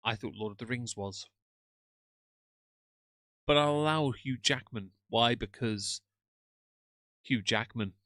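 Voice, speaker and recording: A man's voice: medium pitch, measured pace, long pauses, a bit bright, dry recording. A middle-aged man from England, live streaming and reading chat comments in a dry, teasing, sardonic way.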